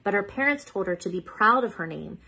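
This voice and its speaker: A woman's voice: mid-range voice, lively intonation, brisk, gravelly, sharp tone, slightly rough, low-quality recording. A woman hosting a children's read-aloud, reading a picture book steadily and stopping now and then to sound out unfamiliar words.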